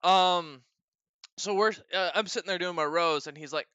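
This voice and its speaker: A man's voice: high-pitched, normal speed, sharp tone, clear, resonant tone, no echo, lo-fi sound. A man streamer telling a casual story, rambling and profane, often breaking into laughter.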